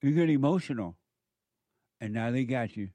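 A man's voice: medium pitch, expressive, normal speed, dark tone, no room sound. A man hosting a commentary show, delivering an emphatic, lecturing monologue that repeats its points.

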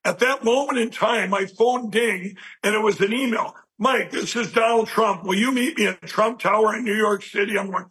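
A man being interviewed, telling a long personal story in a rambling, animated way and acting out what people said. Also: sits high, normal speed, hardly any pauses, husky, poor audio. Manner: animated, rambling storyteller who acts out quoted speech. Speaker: interview guest.

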